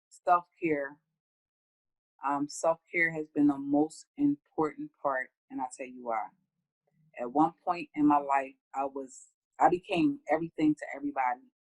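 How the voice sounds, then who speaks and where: A middle-aged woman speaking heartfelt in a casual interview, often acting out her own conversations in a higher voice. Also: gravelly, rough recording. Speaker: guest.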